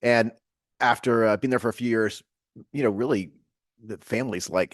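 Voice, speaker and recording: A man's voice: medium pitch, normal speed, no echo, studio quality. A man with a Southern US accent, a podcast guest telling his story in a wry, easygoing way. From Atlanta, USA. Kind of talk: casual podcast conversation.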